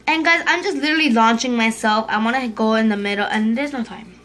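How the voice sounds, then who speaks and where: A female host giving casual commentary over her gameplay, excitable, yelping and urging herself on, dropping to hushed whispers when scared. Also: on the high side, slight background noise. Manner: excitable, yelps and shrieks, fast repeated urging. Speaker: gaming video host.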